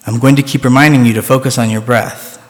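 A male preacher giving a sermon that leads a slow, soft guided breathing meditation. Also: mid-range voice, steady tone. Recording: long reverb of a large room.

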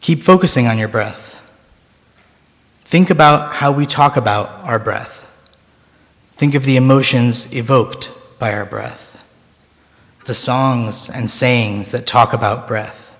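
A male preacher talks at an unhurried, deliberate pace, guiding his listeners through a calm breathing meditation within his sermon. His voice sits at an ordinary middle pitch and drops quiet on the breathing cues. The sound carries a long reverb, as in a large church sanctuary.

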